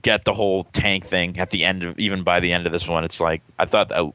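A man co-hosting a podcast, reacting quickly and rambling through casual asides, laughing easily. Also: deep voice, fairly even intonation, bright, forceful tone, dry recording. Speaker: podcast co-host.

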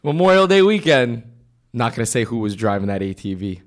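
A man's voice: mid-range voice, very animated, fairly quick. A young man guesting on a podcast, telling stories in a laid-back, laughing way. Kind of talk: casual chat.

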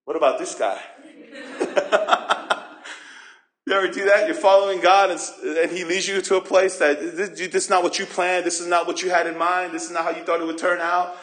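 A man preaching a sermon as pastor, expressive and acting out voices and questions. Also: sits high, normal speed. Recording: roomy echo.

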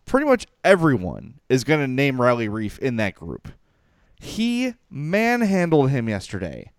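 A middle-aged man, co-hosting a casual sports podcast, gushing and excitable, also reading sponsor spots. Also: mid-range voice, measured pace, no room sound, clean studio sound. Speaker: podcast co-host.

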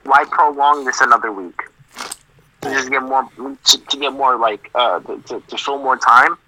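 A man co-hosting a wrestling podcast in a halting way, full of fillers and blunt, dismissive opinions, heard over a thin phone line. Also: medium pitch, fairly even intonation, bright, forceful tone, a little hiss or hum. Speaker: podcast co-host. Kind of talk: casual wrestling opinion chat.

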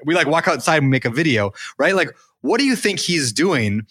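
Young male podcast co-host, quick, bright and animated, casual advice chat. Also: on the high side, no room sound, clean studio sound. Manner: animated, acts out quoted people.

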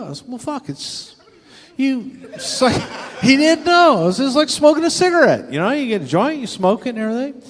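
A man's voice: very high-pitched, sing-song, a little fast, long reverb tail. An older man telling a rambling, profane anecdote in a casual chat, acting out the voices of the people he quotes. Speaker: storyteller guest.

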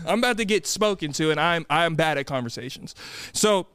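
High-voiced young man telling a story. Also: lively intonation, a little fast, fairly bright tone, clear, resonant tone, no room sound. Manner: anxious rambling storyteller, acting out quoted voices. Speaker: podcast co-host. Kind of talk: casual storytelling chat.

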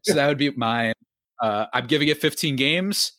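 A man's voice: medium pitch, moderate pace, no echo, studio quality. Rambling, upbeat young male podcast host. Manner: rambling, animated, self-interrupting. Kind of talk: casual sports talk.

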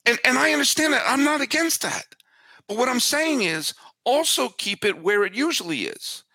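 Bright-voiced man, animated sports chatter. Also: extremely high pitch, normal speed, no echo, studio quality. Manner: animated, repeats words as he builds a point. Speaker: podcast guest. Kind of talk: casual sports podcast chat.

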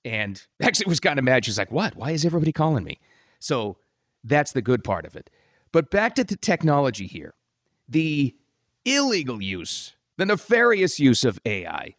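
Animated male podcast host. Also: moderate pace, no room sound. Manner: animated, emphatic, drops low for weight. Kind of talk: casual podcast monologue.

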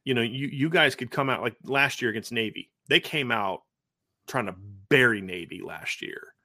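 A man's voice: mid-range voice, moderate pace, pushed and bright, no echo, studio quality. A man co-hosting a football podcast, giving casual, emphatic analysis and often restarting his sentences. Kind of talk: casual sports analysis chat.

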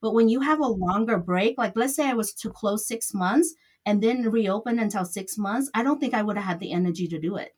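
A woman's voice: medium pitch, a little fast, husky. A middle-aged woman who owns a salon, answering interview questions in a chatty, rambling way with loose grammar. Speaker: salon owner.

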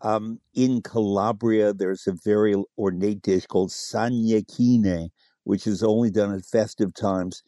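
A man's voice: fairly low pitch, mellow, no echo, clean studio sound. A middle-aged man, a food expert guest in a radio interview, who talks animatedly, relishes words and spells out the names of dishes. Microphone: studio microphone.

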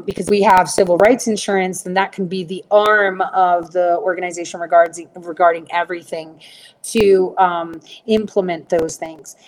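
A woman's voice: on the low side, a little mellow, a little hiss or hum. Blunt, profane woman ranting casually. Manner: blunt, profane, rambling with many fillers. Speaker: livestream host answering viewers. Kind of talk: casual rant to viewers.

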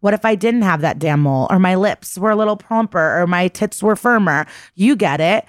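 A woman's voice: fairly low pitch, brisk, no room sound, clean studio sound. A woman co-hosting a podcast, chatty and profane, recapping a TV episode and acting out its lines. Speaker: podcast co-host.

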